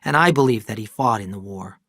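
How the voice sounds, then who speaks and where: A man voicing a calm, steady grown brother in an even, reasonable way. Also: lowish voice, fairly quick, no echo, studio quality.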